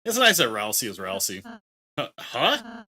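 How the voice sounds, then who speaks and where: A man voicing a gentle, shy young male goat-like prince who speaks softly and hesitantly, often stammering. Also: mid-range voice, huge pitch swings, measured pace, heavily acted, poor audio. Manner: soft-spoken, hesitant, stammering. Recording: faint game music behind.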